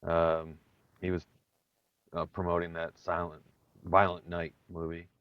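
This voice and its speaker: A male guest, a bass player, chatting in an interview with many pauses and fillers. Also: completely flat delivery, clear, resonant tone, dry recording. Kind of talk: casual interview chat. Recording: dry, slightly dull sound.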